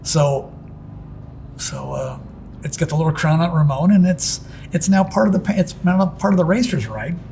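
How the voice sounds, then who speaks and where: A man's voice: on the high side, expressive, normal speed, warm tone, a little hiss or hum. A middle-aged man who works as a pinstriping artist tells stories about his work in a casual interview, rambling and restarting with plenty of "it's like" asides.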